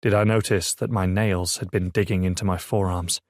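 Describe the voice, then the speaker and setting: A man narrating a romance audiobook in first person, measured and emotive, on a close mic. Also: low-pitched, fairly even intonation, a little mellow, dry recording.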